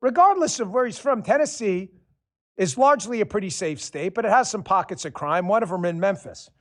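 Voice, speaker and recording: A man's voice: sits high, animated, brisk. A man hosting a political talk show, delivering a sarcastic, combative monologue and swearing freely. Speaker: show host.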